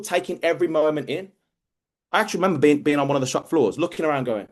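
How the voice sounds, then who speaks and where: Energetic man giving a pep talk. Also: a little high, very fast. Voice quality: energetic, emphatic, repeats words while pushing ideas. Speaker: business mentor. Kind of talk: motivational talk.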